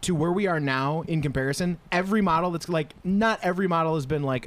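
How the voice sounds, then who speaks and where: A man's voice: fairly high pitch, fast. A man chatting casually on a podcast, sarcastic and laughing often, swearing freely.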